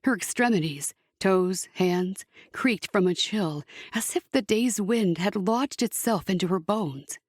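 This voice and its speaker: A woman reading an audiobook as narrator, measured storytelling. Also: medium pitch, expressive, darkish tone, no room sound, clean studio sound. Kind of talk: scripted narration.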